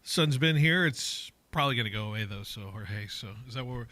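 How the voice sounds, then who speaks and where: A man's voice: mid-range voice, expressive, brisk, pushed and bright, no room sound. A man hosting a sports radio show, talking casually and rambling, often breaking off and restarting his sentences in the studio. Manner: chatty, rambling, self-interrupting.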